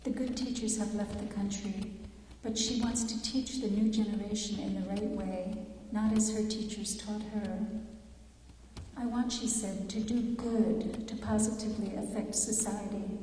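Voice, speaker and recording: A woman giving an earnest, measured public talk, pausing and restarting as she tells what people said to her. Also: mid-range voice, level tone, warm tone, slight background noise. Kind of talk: reflective public talk reading quotes. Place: large chapel. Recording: echoey chapel from far off.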